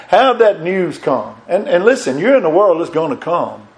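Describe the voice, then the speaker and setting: High-voiced fervent male preacher. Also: very animated, normal speed, low-quality recording. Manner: recites scripture in old-fashioned biblical wording; fervent, rising emphasis on repeated refrains. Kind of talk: sermon.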